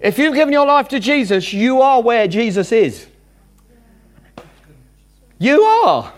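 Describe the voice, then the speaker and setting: A man preaching a sermon to a congregation, animated and jokey, swinging from loud bursts to hushed asides. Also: extremely high pitch, moderate pace.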